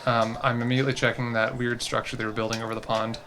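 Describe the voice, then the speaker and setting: A man's voice: mid-range voice, flat delivery, fast talker, a crowd in the background. A man playing a tabletop game, chatting in an easygoing way and laughing often. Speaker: player.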